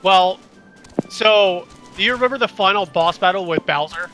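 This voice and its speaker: A young man chats loosely while streaming a shooter game. His voice sits a little high, with a bright, forward tone. He swears freely as he reacts to the match, with faint music playing underneath. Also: normal speed. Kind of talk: casual gaming chat.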